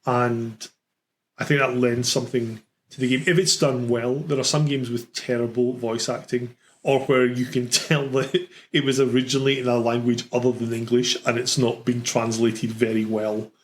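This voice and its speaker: A man's voice: medium pitch, little pitch movement, moderate pace, slight background noise. Playful teasing man chatting on a podcast. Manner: teasing, playful, laughs often. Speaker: podcast co-host. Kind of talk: casual chat.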